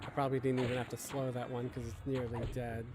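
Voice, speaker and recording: Gamer streamer from Queens, casual rambling talk, mid pitch, background noise. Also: little pitch movement, quick pace. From Queens, New York. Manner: rambling, self-deprecating storytelling. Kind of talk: casual chat while gaming.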